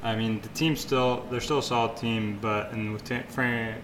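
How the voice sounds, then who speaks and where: A man's voice: medium pitch, fairly even intonation, moderate pace. A man co-hosting a casual sports podcast, laid-back while giving his analysis. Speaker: podcast co-host. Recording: noisy background.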